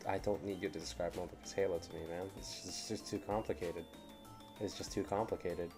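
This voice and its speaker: Low-voiced rambling male streamer. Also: steady tone, a little fast. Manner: rambling, stops and repeats words. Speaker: streamer reading fanfiction. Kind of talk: casual reading and commentary. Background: faint background music.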